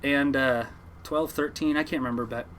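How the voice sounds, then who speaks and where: A man, a fishing boat captain, telling stories from his life at sea to a podcast host in a lively, laughing way. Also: mid-range voice, moderate pace, a little hiss or hum. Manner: animated yarn-spinner, laughing at his own story. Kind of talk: casual storytelling.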